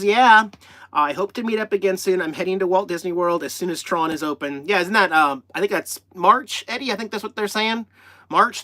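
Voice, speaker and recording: A man's voice: high-pitched, sharp tone. A man chatting casually on a livestream from inside his parked RV, rambling and talking to his pets and the live chat. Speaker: RV vlogger hosting a livestream.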